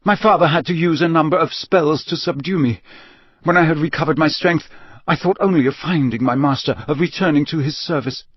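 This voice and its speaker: A young dark wizard confesses in a flat, monotonous voice, dazed and emotionless, as a man reads him. The storybook recording is dry and dull. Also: a little high, a little fast, breathy edge, no room sound, pitched above the performer's own voice. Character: young male dark wizard confessing under truth potion, vacant.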